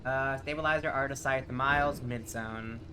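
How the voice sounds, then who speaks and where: With a little hiss or hum in the audio, a Tennessee man speaks at normal speed in a steady, sharp, medium-pitched voice. He's a streamer casually chatting with viewers mid-game, rambling and easily diverted.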